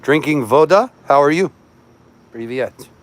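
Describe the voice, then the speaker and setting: A man's voice: on the high side, animated, a little slow. Chatty middle-aged man on a livestream. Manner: chatty, reads out and answers viewer comments. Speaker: livestream host. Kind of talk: casual livestream chat.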